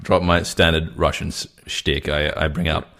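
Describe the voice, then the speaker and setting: Young aussie guy, very deep voice, rambly storytelling, laughs a lot. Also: little pitch movement, normal speed, creaky, bright, forceful tone. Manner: rambling anecdotes, laughs often. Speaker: podcast co-host. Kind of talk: casual comedy chat.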